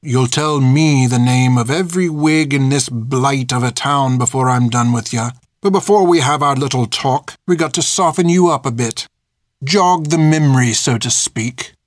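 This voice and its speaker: Male narrator doing a cruel soldier: smooth, precise, mocking, recorded dry. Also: medium pitch, moderate pace, dry recording, lightly acted. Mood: mocking menace. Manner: malicious, mocking taunts. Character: sneering, calculating male soldier.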